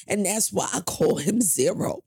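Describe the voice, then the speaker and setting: A woman's voice: mid-range voice, expressive, a little slow, vocal fry, warm tone, breathy edge, dry recording, studio quality. A middle-aged woman from New York, telling a painful personal story in an interview, candid and profane, acting out the people in it. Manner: candid, profane, acts out voices in her story. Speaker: guest telling her life story.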